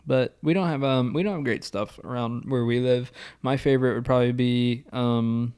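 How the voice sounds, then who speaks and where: A man's voice: medium pitch, steady tone, normal speed, a little mellow, clean tone. A young adult man chatting casually on a podcast, laid-back and hesitant, filling his talk with "like". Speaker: podcast co-host, pro player.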